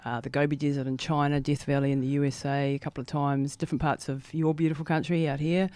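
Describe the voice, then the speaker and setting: A woman's voice: deep voice, level tone, fast talker, a little mellow, dry recording. A woman in her fifties, a guest in a studio interview, talking in a laid-back, easygoing way with casual slang and frequent laughs. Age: 50s. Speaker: guest, ultramarathon runner.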